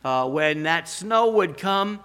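An older man preaching a sermon, telling stories with emphatic, animated delivery. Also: fairly high pitch, slow pace, clear, resonant tone, faint music behind. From Pacific Northwest US. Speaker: pastor.

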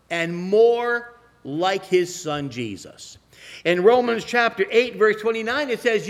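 A man preaching a sermon, telling folksy stories and slowing down to press his points. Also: high-pitched, a bit bright. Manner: folksy storytelling with slow emphatic phrasing.

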